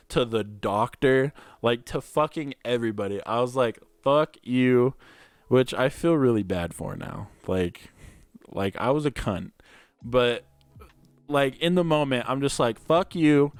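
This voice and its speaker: A man's voice: medium pitch, clean tone, no echo. Crude, laid-back young man telling stories. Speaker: podcast host. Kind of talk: casual storytelling chat.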